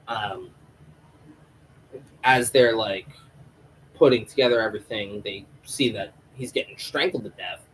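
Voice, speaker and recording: A man's voice: lowish voice, slight background noise, low-quality recording. Rambling, foul-mouthed male show reviewer. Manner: rambling, profane, animated. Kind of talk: live episode recap.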